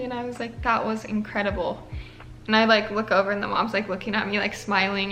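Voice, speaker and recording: A woman's voice: mid-range voice, flat delivery, quick pace, a bit bright. A young woman, a nursing student, tells a story in a casual vlog, chatty and heavy on fillers, her voice cracking with emotion.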